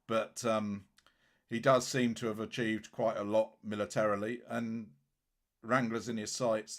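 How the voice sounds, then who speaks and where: A man hosting a casual livestream, talking bluntly and scornfully in a rambling way with many restarts. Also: on the low side. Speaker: livestream host.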